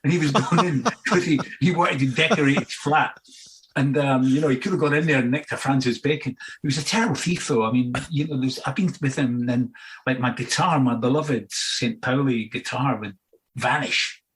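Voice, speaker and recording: A Scottish man in his sixties chats as a guest on a podcast. His voice sits at an ordinary middle pitch. He tells long anecdotes that wander and restart, padded with fillers and asides. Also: normal speed, fairly bright tone, slight background noise, rough recording. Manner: rambling anecdotal storytelling with frequent fillers. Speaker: guest musician. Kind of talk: casual interview chat.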